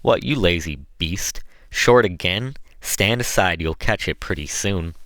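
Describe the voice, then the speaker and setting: A man's voice: low voice, animated, measured pace, fairly bright tone, dry recording, exaggerated voice. A man voicing a cruel, domineering plantation master who barks harsh commands. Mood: brutal.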